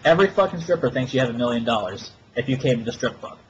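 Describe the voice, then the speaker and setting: A man of mid pitch rambles through a story with crude, sarcastic asides. The audio is dull and lo-fi with a faint hiss under it. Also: animated, fast talker. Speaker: podcast co-host. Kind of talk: casual ranting storytelling.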